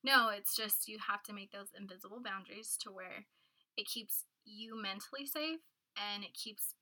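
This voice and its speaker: A woman's voice: medium pitch, moderate pace, sharp tone, poor audio. A woman chatting casually and candidly, rambling a little and swearing now and then. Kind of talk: casual chat.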